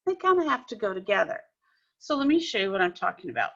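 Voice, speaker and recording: A woman's voice: mid-range voice, sing-song, fast talker, gravelly, fairly bright tone, lo-fi sound. A woman teaching young children, explaining patiently step by step in a recorded lesson.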